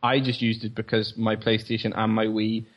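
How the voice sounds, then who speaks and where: A man's voice: lowish voice, completely flat delivery, normal speed, muffled recording. A man co-hosting a podcast, chatting casually and with enthusiasm. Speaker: podcast co-host.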